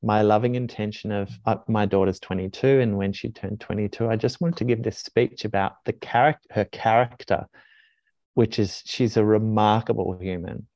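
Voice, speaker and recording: A man's voice: on the low side, fairly even intonation, normal speed, darkish tone, no echo. A man in his forties, a heart coach, explaining ideas in an earnest, reflective way with frequent restarts. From Australia. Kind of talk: reflective conversational teaching. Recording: dull, dry podcast recording.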